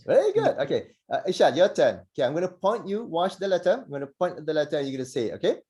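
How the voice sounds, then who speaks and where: Male teacher, slightly higher voice, mellow tone; patient, encouraging, demonstrates sounds slowly over a call. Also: big pitch swings. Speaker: Arabic letters teacher. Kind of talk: online pronunciation lesson.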